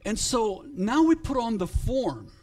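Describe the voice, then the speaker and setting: There's a sing-song quality to this pastor's fairly high voice as he gives a slow, emphatic sermon to his congregation. Loudness ebbs and swells, and he stalls and repeats words whenever he departs from his notes.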